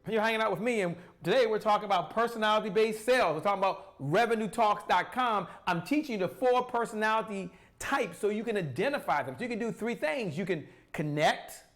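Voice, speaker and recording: A man coaching on sales in a live stream, energetic, asking and answering his own questions and repeating phrases for emphasis. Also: sits high. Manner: pauses to sip water.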